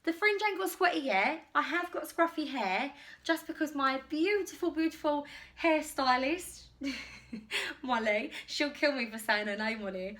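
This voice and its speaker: A woman's voice: high-pitched, expressive, unhurried, a bit bright. A woman with an English accent rambling casually through a clothing try-on vlog at home, self-deprecating and a little out of breath. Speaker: YouTuber doing a clothing try-on haul. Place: home, indoors.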